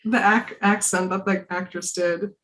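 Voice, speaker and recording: A woman hosting a podcast in casual chat, searching for words with many halting restarts. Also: mid-range voice, fairly even intonation, fairly bright tone, slight background noise. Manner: halting, full of fillers and restarts. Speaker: podcast host.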